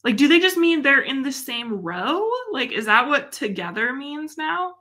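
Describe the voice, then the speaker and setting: A woman's voice: sits high, big pitch swings, moderate pace, pushed and bright. A young woman hosting a live stream, chatting casually and expressively with frequent laughs. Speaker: livestream host.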